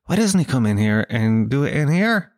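A man's voice: medium pitch, big pitch swings, normal speed, dry recording, clean studio sound, natural voice. A man voicing a disgusted female pet cat who swears indignantly at her owner.

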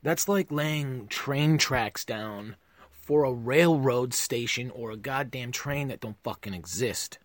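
A man hosting a podcast, delivering a profane comedic rant that swings between loud outbursts and low mutters. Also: takes it slowly, no echo.

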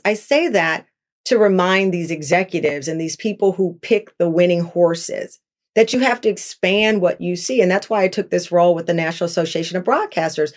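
A middle-aged woman, a talk show host as a guest, telling her story in an interview, earnest and animated, acting out quotes. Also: medium pitch. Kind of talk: podcast interview.

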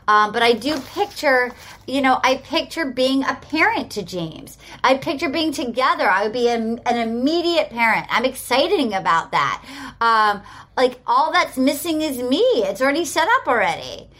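A woman co-hosting a podcast, chatting casually and retelling scenes with lively quoting. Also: sits high, moderate pace. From Australia. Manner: animated storyteller, quotes people in a lively way. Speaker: podcast co-host. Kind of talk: casual chat recapping a reality show.

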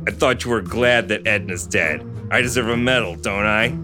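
A man voicing a frail, fearful old father who sobs and wails in a high, thin voice, as part of a dramatic novel reading. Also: normal speed, music in the background, lightly acted. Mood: sobbing. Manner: sobbing, wailing, high and thin.

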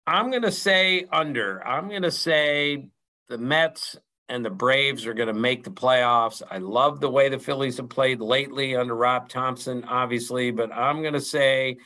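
A man's voice: mid-range voice, pushed and bright, rough recording. A man in his sixties from Maryland, a baseball reporter giving earnest opinions as a podcast guest, laughing easily. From Maryland, USA. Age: 60s. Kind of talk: podcast interview, casual chat.

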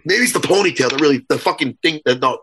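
A man hosting a casual interview, loud, joking and swearing a lot. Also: a little high, animated, fast, slight background noise. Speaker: host.

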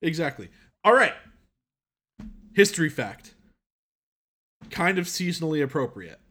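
A man's voice: on the high side, sing-song, measured pace, bright, forceful tone, husky. A man co-hosting a casual chat, explaining things with frequent restarts. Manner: chatty, explains with many restarts.

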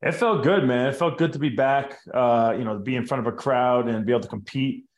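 Relaxed male podcast guest, roomy sound. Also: medium pitch, brisk. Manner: relaxed, friendly, reflective. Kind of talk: casual podcast interview.

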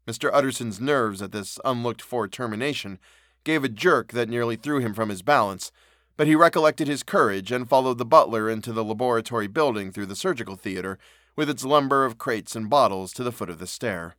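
A man reading a classic story aloud as narrator, in steady, measured storytelling. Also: mid-range voice, dry recording, clean studio sound.

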